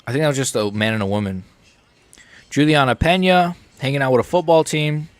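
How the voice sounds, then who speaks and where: A man's voice: medium pitch, a little fast, no room sound. A young American man hosting a live stream, reacting to fights in a rambling, casual, jokey way.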